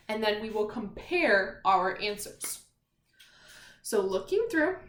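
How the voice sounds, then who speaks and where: This remote spelling lesson for young children is slow and clear, led by a woman whose voice sits on the high side and is a bit bright. She sounds words out letter by letter with patience and encouragement, over a little hiss or hum and room echo.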